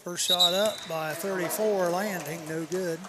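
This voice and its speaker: A man calling play-by-play at a local high school basketball game, reading out scores, the clock and each possession. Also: steady tone, a little slow. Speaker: play-by-play announcer. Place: school gym. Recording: loud crowd and noise in a gym.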